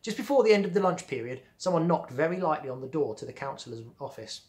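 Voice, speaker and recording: A male primary teacher slowly reading a children's novel aloud, with friendly asides to his pupils. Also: fairly high pitch, sing-song, darkish tone. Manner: slow, clear storytelling with friendly asides. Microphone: home or classroom video recording.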